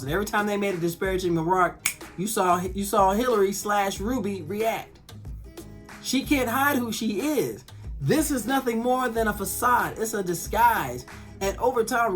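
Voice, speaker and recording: Animated woman reviewing a show. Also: on the low side. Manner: animated, swears, acts out characters' lines. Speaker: TV episode reviewer. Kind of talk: casual spoken review.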